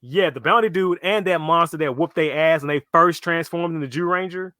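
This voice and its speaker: Man co-hosting a fan podcast, bright forceful voice, dry close sound, animated retelling. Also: fairly high pitch, a little fast, dry recording. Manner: animated, swearing, acts out villains' lines. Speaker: podcast co-host. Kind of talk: casual fan chat.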